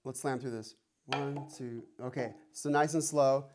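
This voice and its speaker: A man's voice: medium pitch, fairly even intonation, unhurried. Man, drum teacher, teasing, counts aloud, noisy room. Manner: playful, teasing, mock-threatening. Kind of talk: one-on-one music lesson.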